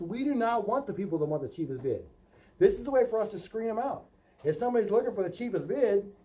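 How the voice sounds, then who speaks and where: In an instructional vlog, a roofing sales coach speaks emphatically in a high-pitched man's voice with a dark tone, on a low-quality recording. He role-plays both customer and salesman lines and keeps repeating "right?" to check in with the viewer.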